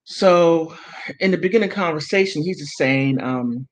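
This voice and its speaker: A man running a commentary channel reads messages aloud and comments between them, his voice on the high side. He speaks haltingly, tripping over words and stopping to exclaim in disbelief, and the audio is poor.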